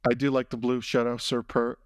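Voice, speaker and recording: A podcast host chats casually and rambles, packing his talk with fillers and "you know what I mean." His medium-pitched voice is monotone and brisk, in studio-quality audio with no room sound.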